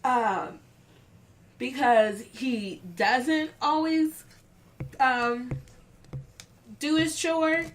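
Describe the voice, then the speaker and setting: A woman casually telling a story from work, acting out what others said with raised voices. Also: high-pitched. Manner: unhurried, acts out the quotes of others with raised voices.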